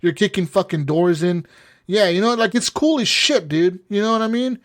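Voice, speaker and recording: A young man co-hosting a casual gaming podcast, telling stories in an animated, profane way. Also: high voice, moderate pace. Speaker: podcast co-host.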